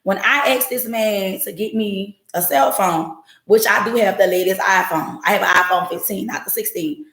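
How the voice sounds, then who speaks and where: This podcast host speaks at normal speed with a medium-pitched, slightly bright voice that sounds reverberant on her home livestream setup. She tells her story bluntly and with profanity, talking straight to her chat.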